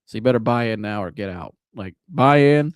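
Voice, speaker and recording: A man hosting a live sports reaction show, talking in an animated, casual, joking way with some swearing. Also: fairly low pitch, brisk, no echo, clean studio sound. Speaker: sports podcast host.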